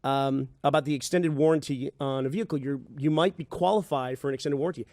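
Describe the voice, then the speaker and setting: A man imitating a polite female telemarketer who may be a robot, reading her script slowly with odd little pauses. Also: medium pitch, darkish tone, no echo, studio quality, close to an everyday voice. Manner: slow, oddly paused phone-script delivery.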